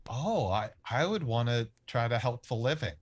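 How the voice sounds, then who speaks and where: Man, podcast co-host, deadpan jokes, mid pitch, dry close recording. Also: moderate pace, dry recording. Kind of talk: casual chat.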